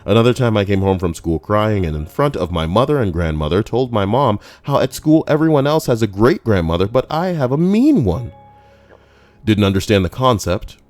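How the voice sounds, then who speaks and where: A man's voice: on the low side, very animated, moderate pace, a little mellow, dry recording, soft background music. A man reading forum stories aloud with comedic commentary, crude and profane, full of jokey asides. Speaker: YouTube narrator reading forum posts.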